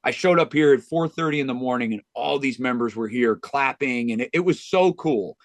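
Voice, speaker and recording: A man's voice: mid-range voice, brisk, no room sound. Earnest man telling a heartfelt story. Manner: earnest, with frequent restarts and "you know". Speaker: golf club director of instruction, podcast guest.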